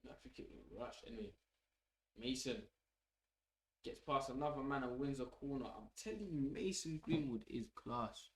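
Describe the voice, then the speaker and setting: A man calls the match live as a fan host, his voice in the middle range. He talks in an excitable, opinionated way and swears casually. The room around him gives the voice an echo. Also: mid-range voice, moderate pace. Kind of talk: live match reaction commentary. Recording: roomy echo.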